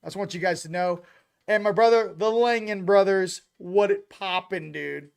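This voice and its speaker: A man hosting a casual livestream, giving hyped shout-outs and rambling loosely to viewers. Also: sits high, normal speed, creaky, clear, resonant tone. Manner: loose, rambling, repeats "ladies and gents". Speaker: host.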